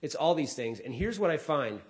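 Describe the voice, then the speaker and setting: A man, a comedian, speaking casually to a live audience, acting out people's lines with big pitch jumps and dropping low for asides. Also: big pitch swings, moderate pace. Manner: drops to a quieter, lower voice for asides. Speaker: comedian giving a talk.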